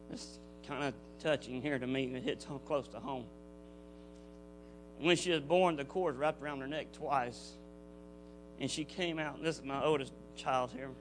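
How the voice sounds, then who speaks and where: A man's voice: medium pitch, noisy background. A middle-aged man, giving a fervent Pentecostal testimony in a church with a folksy preacherly cadence. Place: church building.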